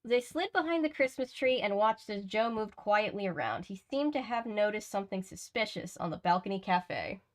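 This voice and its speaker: A woman's voice: mid-range voice, big pitch swings, normal speed, hardly any pauses. Woman, live-stream host, reading a novel aloud, chatty asides, stumbles and self-corrects.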